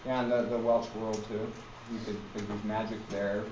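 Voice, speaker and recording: A man's voice: on the low side, flat delivery, normal speed, background noise. Rambling male teacher in an echoey classroom. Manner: rambling, lots of fillers and restarts. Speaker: literature teacher. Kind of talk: classroom lecture. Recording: roomy, dull classroom recording.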